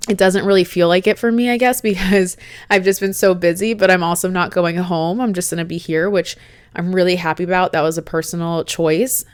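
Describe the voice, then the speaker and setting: A young woman with a slightly low voice hosts her podcast in a relaxed solo chat. She speaks candidly and from the heart, chatty and open. The sound is close and dry, with no room around it. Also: a little fast, smooth, dry recording. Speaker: podcast host.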